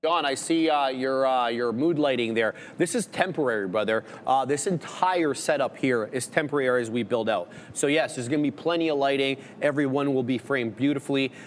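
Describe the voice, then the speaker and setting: A man hosting a live trading show, reading market news briskly with sarcastic asides, in a reverberant studio. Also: mid-range voice, slight background noise. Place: studio under construction.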